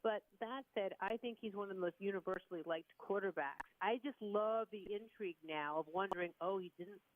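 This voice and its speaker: A woman in her fifties talks sports on the radio with the animated flair of a storyteller, slipping into little quoted voices. Her pitch is middling, and the signal sounds dry and slightly dull. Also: a little fast, dry recording. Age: 50s. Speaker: sports broadcaster guest. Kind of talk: casual sports radio chat.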